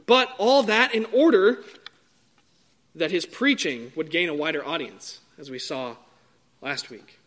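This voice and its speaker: A man preaching a sermon in a measured, emphatic way, drawing out key words. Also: fairly high pitch, a bit bright.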